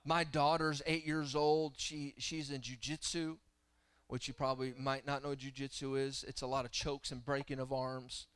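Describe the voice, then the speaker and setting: A man in his thirties, visiting as guest preacher, delivers a church sermon that starts with storytelling and rises into fervent exhortation. He speaks at normal speed with a flat delivery, his mid-range voice a bit bright, clear, and resonant, with no room sound.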